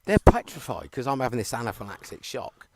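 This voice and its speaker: A man's voice: medium pitch, a little fast, heavy background noise. A man commentating on a live cricket stream, chatting casually and telling a story with frequent laughter. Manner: animated storyteller, laughs often.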